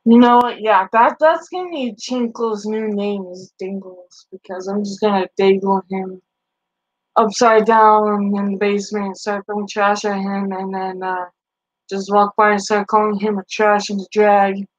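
Woman streamer, casual live-stream chat, profane joking trash talk, mid-pitched voice, dull lo-fi stream audio. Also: fairly even intonation, a little slow.

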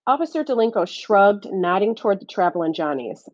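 A woman narrates a storybook with steady, clear delivery at an everyday pitch. The recording is dry and slightly muffled, with no room sound. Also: brisk, no room sound. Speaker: audiobook narrator. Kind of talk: scripted narration.

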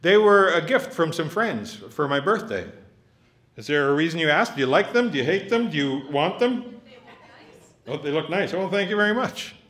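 With a slightly high, sing-song, fairly bright voice at a moderate pace, a stand-up comedian in his fifties hosts a live theatre Q&A, bantering with the audience and mocking himself.

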